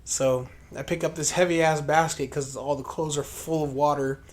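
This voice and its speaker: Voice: medium pitch, steady tone, moderate pace. A podcast co-host telling a story in casual chat, rambling and profane with lots of fillers, acting out their own past remarks in a livelier voice.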